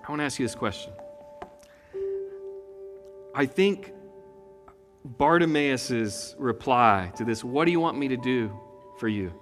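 A man preaching a sermon as pastor, earnest and slow, dropping to hushed tones at times. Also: mid-range voice, lively intonation, in a large hall, music in the background. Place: church sanctuary.

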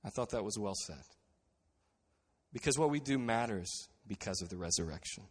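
A man preaching a sermon as a pastor, earnest and steady, dropping to a quiet voice to stress key phrases. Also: on the low side, normal speed, husky, in a large hall.

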